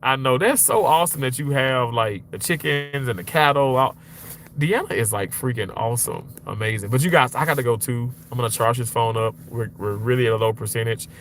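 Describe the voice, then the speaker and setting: A man hosting a casual livestream from a car, reading viewer comments aloud in a chatty, playful way. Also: fairly quick. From Mississippi, US. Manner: chatty, playful, reads comments aloud, swings up high when excited. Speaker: livestream host reading chat.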